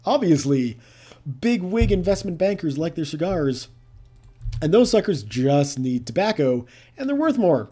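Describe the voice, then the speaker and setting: A man talks through a strategy game in a relaxed, chatty way, thinking aloud and tossing in playful jabs. His voice is mellow and dark, and it rises and falls a lot as he goes. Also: a little high, measured pace, slightly rough. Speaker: gameplay commentator. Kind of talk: casual let's-play commentary.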